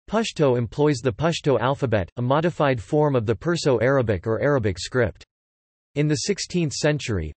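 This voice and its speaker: A man's text-to-speech voice reading an encyclopedia article in an even, mechanical way. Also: medium pitch, no room sound. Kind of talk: synthetic encyclopedia narration.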